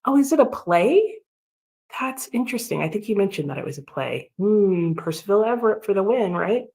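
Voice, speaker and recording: A woman's voice: mid-range voice, lively intonation, fairly quick, a little mellow. An American woman hosting a casual reading livestream, chatting about her book and reading out and answering viewer comments. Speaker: livestream host. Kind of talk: casual readalong chat.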